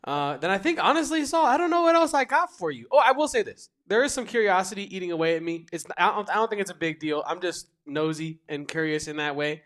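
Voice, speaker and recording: A chatty man co-hosting a basketball postgame show, asking questions with playful curiosity. His voice sits high for a man. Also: lively intonation, fast, hardly any pauses, a bit bright. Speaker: co-host. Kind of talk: casual postgame chat.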